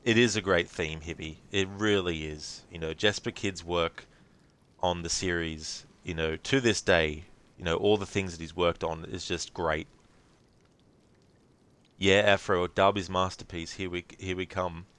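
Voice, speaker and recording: A man's voice: deep voice, steady tone, a little slow, a bit bright, smooth. A man streaming a game live, chatting casually and rambling with plenty of fillers while thanking his viewers.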